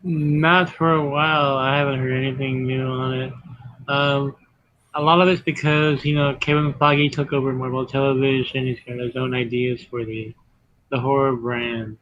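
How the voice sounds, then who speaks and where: A man's voice: medium pitch, level tone, normal speed, fairly bright tone, highs cut off. A man giving brief, matter-of-fact answers as a guest on a casual live stream. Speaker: guest giving entertainment news.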